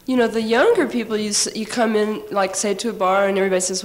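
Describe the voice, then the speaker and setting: A woman architect on a discussion panel, telling stories from her work in a lively, halting way with frequent laughs and restarts, recorded from some distance in an old panel recording. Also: mid-range voice.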